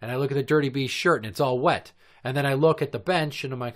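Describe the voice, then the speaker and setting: Male podcast host in his thirties, mid-pitched, crude comic storyteller who rambles in long profane rants. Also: quick pace.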